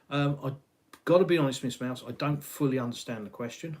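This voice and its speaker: Husky-voiced English man chatting live. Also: medium pitch, normal speed, long pauses. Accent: southeastern English with a West Country twang. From England. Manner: rambling, many fillers and restarts, chatty. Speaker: live stream host. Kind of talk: casual live chat reading viewer comments.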